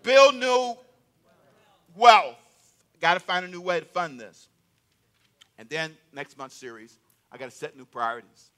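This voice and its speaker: In a church sanctuary, a pastor preaches a loud, emphatic sermon, calling out to the congregation for responses. His voice is a little high, at a moderate pace.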